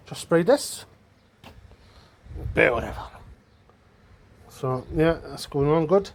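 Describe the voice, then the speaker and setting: A man's voice: a little high, darkish tone. A man chatting casually while restoring a motorbike in his home workshop, rambling and self-mocking.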